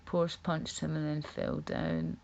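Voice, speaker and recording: A woman's voice: deep voice, very animated, takes it slowly, gravelly, a little mellow, highs cut off. A woman live-streaming, rambling through casual chat, reacting to her viewers, laughing often and swearing freely.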